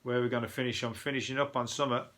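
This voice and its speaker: A man's voice: medium pitch, flat delivery, very fast, a bit bright. A man with a Birmingham accent, a comedian and podcast host rambling through a casual news review, swearing freely with jokey asides and lots of fillers. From England.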